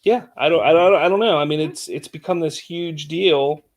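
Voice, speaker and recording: Easygoing higher-voiced man chatting. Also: normal speed. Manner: easygoing, joking, chuckles often. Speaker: podcast host and father. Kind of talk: casual family chat.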